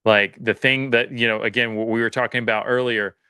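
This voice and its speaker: Bright, crisp-voiced male guest. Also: medium pitch, steady tone, brisk, no echo. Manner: earnest, motivational, thinks aloud with many restarts. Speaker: podcast guest, farmer. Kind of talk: casual interview talk.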